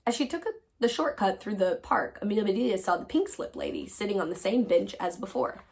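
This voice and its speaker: A woman's voice: medium pitch, fairly quick, creaky. Woman reading a chapter book aloud. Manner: expressive storybook narration. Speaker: teacher.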